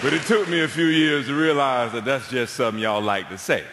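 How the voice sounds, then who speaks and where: A man from the American Deep South with a Southern accent, doing a stand-up comedy set on stage with lively storytelling and deadpan punchlines. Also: brisk, a loud crowd, very noisy. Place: large theatre on stage, audience laughing. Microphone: stage microphone. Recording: echoey theatre hall with long reverb.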